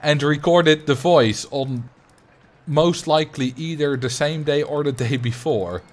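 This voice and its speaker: A man's voice: fairly high pitch, a little slow. A man with a light Dutch accent, chatting casually and animatedly to viewers on a livestream. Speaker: streamer.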